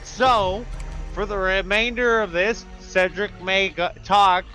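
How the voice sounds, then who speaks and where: A man's voice: high-pitched, slow pace, bright, forceful tone, faint music behind. A man running a tabletop game as game master, teasing his players, laughing and swearing freely in casual banter.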